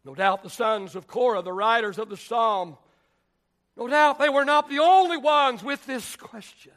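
A male pastor preaching a sermon in a church, reading scripture and praying in a deliberate, emphatic way that swells at times into shouts. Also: extremely high pitch. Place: church sanctuary.

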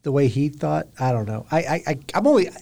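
Agreeable male co-host with a slightly higher voice, relaxed and hedging. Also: brisk, gravelly. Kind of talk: casual book discussion.

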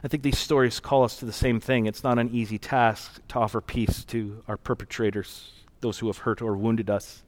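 A man's voice: medium pitch, little pitch movement, moderate pace, hardly any pauses. A man preaching a sermon as pastor, in an earnest, conversational and reflective storytelling manner.

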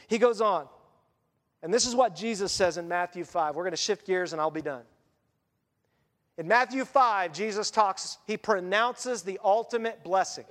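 A man delivering a sermon with a high, light voice. He preaches in a lively, conversational way and drops into quick voiced asides. A long reverb trails after his words in a reverberant church hall. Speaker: pastor.

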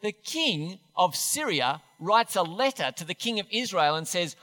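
Male preacher, sermon, chatty, self-deprecating, high bright voice, reverberant church hall. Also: sing-song, unhurried, hardly any pauses.

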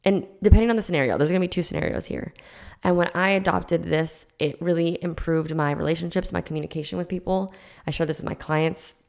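A woman's voice: lowish voice, fairly even intonation, fast, a little mellow. A woman hosting her own podcast as a life coach, talking in an earnest, reflective, casual way with frequent restarts. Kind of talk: casual solo podcast talk.

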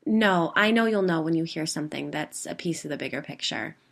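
A woman voicing an eager, insistent female paranormal theorist in a spoken story, close to her own low-pitched voice. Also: brisk, gravelly, fairly bright tone, full character voice. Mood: earnest.

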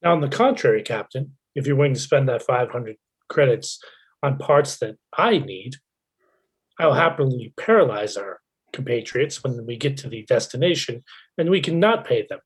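A man playing a formal, deadpan droid in a tabletop game. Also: mid-range voice, normal speed, breathy edge. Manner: formal, deadpan, calls the other player sir. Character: deadpan male droid, dry and calculating.

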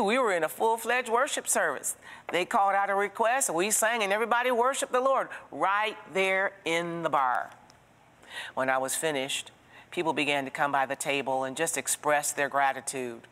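A woman teaching a Bible study, telling stories in an expressive, preacherly way and asking the listener direct questions. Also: low voice, in a large hall.

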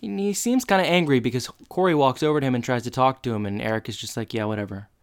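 A man co-hosting a podcast, retelling a TV episode in relaxed, casual storytelling. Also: medium pitch, fast talker, clean tone. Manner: relaxed storytelling with fillers and laughs. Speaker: podcast co-host. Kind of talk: casual episode recap chat.

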